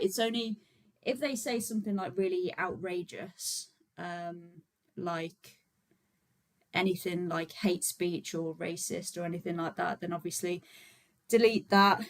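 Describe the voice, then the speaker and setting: On a rough recording, a woman with a fairly low voice hosts a laid-back livestream about veganism, her activist cause. She talks a little slowly, leaves long pauses, and chats easily with viewers, stopping often for fillers and light laughter.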